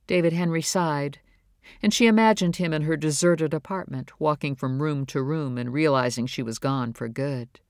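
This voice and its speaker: An audiobook narrator reads a novel from a script in a measured, even storytelling manner. The voice is mid-range, and the sound is clean studio audio with no echo.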